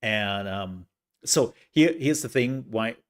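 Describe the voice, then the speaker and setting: A man's voice: fairly low pitch, animated, slow. A young man chatting casually to his livestream viewers, rambling with lots of fillers and laughs. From outside the US, from a country with universal healthcare. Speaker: streamer.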